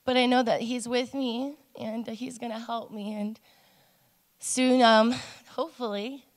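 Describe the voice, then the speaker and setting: A woman giving a personal testimony in church, hesitant and earnest, pausing often with ums. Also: on the high side, flat delivery. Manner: hesitant, many ums, speaking softly and earnestly. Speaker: congregation member giving a testimony. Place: church sanctuary. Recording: long hall reverb.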